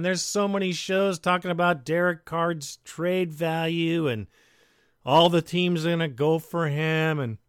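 A man's voice: on the high side, no room sound, studio quality. A man in casual sports talk, laid-back and opinionated.

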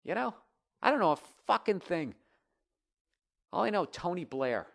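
A man hosting a comedy podcast, ranting with heavy swearing and swinging between loud outbursts and muttered asides. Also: high voice, sing-song, normal speed, gravelly. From United States. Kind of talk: ranting comedy podcast, reading listener emails.

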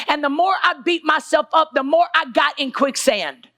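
Forties preacher woman, gravelly edge, fiery storytelling. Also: sits high, a little fast, hardly any pauses. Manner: emotional storytelling, often shouting for emphasis. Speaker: pastor. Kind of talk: sermon. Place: church stage.

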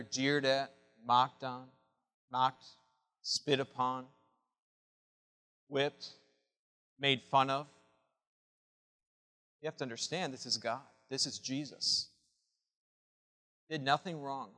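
A male preacher delivers a sermon with real passion, swinging from near-whispers up to strong, loud calls. His voice has a bright, forceful edge. It rings out with the long reverb of a large hall. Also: medium pitch. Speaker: pastor.

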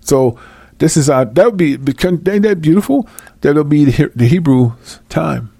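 This man's voice sits on the high side: expressive, a little slow, creaky, warm and slightly rough. Styling himself a Bible teacher, he reads verses aloud, then explains them with blunt, mocking, confrontational fire. The studio-quality recording has no room sound.

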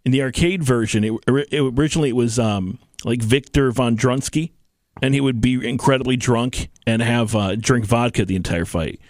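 A man co-hosting a radio show, quick and opinionated in casual banter. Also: mid-range voice, darkish tone, no echo, clean studio sound.

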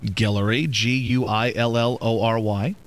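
A man hosting a sports radio show, bantering and teasing his co-host in quick, playful chat. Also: mid-range voice, fairly even intonation.

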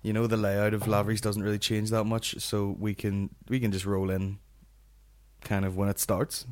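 A man's voice: fairly low pitch, little pitch movement, normal speed, darkish tone. A man with a Northern Irish accent hosting a comedy podcast, rambling and swearing as he rants. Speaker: podcast host.

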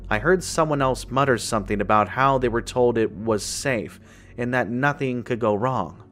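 A man reads a first-person horror story at an even, measured pace, in a mid-pitched everyday voice. Soft music plays quietly behind his narration. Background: faint music.

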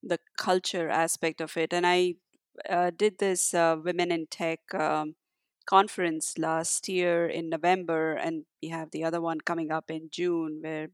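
A woman speaks as an interview guest, thoughtful and halting, often restarting her sentences. Her voice is clear and smooth. The recording is dry and close. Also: deep voice, level tone, no echo. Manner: halting, many restarts and fillers. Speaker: guest, tech leader. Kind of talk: conversational interview answer.

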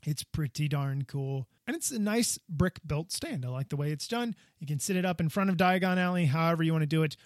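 A man's voice: a little high, a little fast, hardly any pauses, no room sound, studio quality. A man hosting a casual toy review podcast, talking enthusiastically and rambling, often repeating himself. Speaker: podcast host. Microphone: podcast microphone.

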